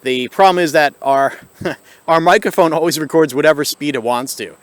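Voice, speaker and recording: A man with a notably high voice rants to his viewers in a vlog, sarcastic and exasperated as he talks them through it. He is recorded on a small built-in camera microphone. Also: normal speed, no room sound. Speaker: video host. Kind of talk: ranting vlog commentary.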